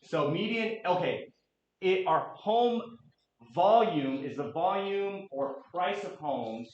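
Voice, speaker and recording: A man in his late thirties presenting a real estate market update to a room, energetic and quizzing the audience. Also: sits high, takes it slowly. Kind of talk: interactive office presentation. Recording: echoey room, dull lo-fi sound.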